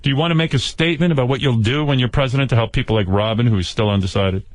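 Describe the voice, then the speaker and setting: A man's voice: mid-range voice, racing, dry recording. A male radio host teasing and questioning a caller, laughing often. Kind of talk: radio interview. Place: radio studio.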